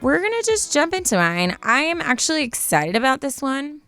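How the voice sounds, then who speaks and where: A woman's voice: high-pitched, very animated, moderate pace, sharp tone, no room sound, soft background music. A young adult woman co-hosting a podcast, chatting casually and playfully while reading ads. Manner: playful, giggly, trails into laughs. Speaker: podcast co-host.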